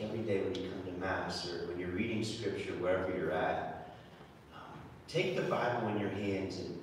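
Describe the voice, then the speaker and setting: A man's low voice comes through with a little hiss or hum as he preaches a homily in a church, recorded from a distance amid heavy echo. His talk is conversational, and he frequently repeats words while restarting.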